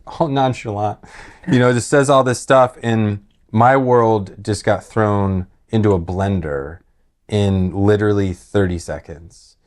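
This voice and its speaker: A man on a podcast, telling a personal story in a casual, animated way that sometimes drops low and quiet. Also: slow. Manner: animated, laughing retelling that drops to quiet, heavy tones.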